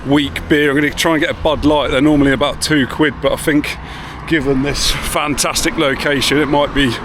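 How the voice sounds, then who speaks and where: His voice is on the high side and flat, and he talks fairly quickly. Out on the town streets and in a car, he casually vlogs as he walks, rambling, relaxed and occasionally swearing, with street noise audible behind.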